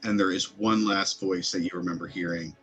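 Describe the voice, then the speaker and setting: A man's voice: low voice, fairly even intonation, brisk, fairly bright tone. A man narrating a tabletop game as game master, describing sounds in loose, rambling sentences full of fillers. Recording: faint music behind.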